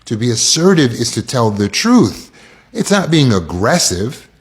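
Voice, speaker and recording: A man's voice: medium pitch, big pitch swings, measured pace, husky. A man with an American accent giving a casual self-help talk, acting out quoted lines in shifting voices.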